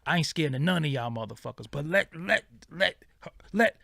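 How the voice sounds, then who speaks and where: A man hosting a livestream, ranting casually in animated, profane street slang. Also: on the high side, normal speed, gravelly, no room sound, studio quality. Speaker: livestream host.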